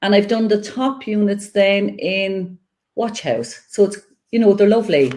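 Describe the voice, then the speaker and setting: A woman's voice: medium pitch, a little slow, mellow. Chatty woman giving decorating advice. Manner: chatty, practical, friendly. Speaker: guest, master painter and decorator.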